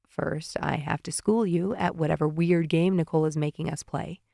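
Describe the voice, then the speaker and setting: A woman narrator voicing an earnest young man who talks softly and quietly, recorded close in a dry studio. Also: steady tone, moderate pace, creaky, no room sound. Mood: tender. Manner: soft, low-key and hushed.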